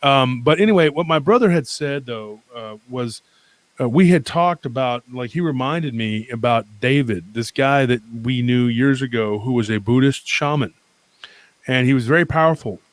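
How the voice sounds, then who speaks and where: A man tells his story in a steady middle-pitched voice. He rambles with animation, piles up fillers and starts over mid-sentence. The sound is dry and close, with little room around him. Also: normal speed, no echo. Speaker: guest. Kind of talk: casual storytelling on a podcast.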